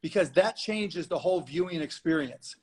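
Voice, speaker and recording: A man speaking as a guest on a panel discussion, talking in an animated way and acting out rowdy moviegoers. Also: a little high, normal speed, husky. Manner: animated, acts out shouting moviegoers.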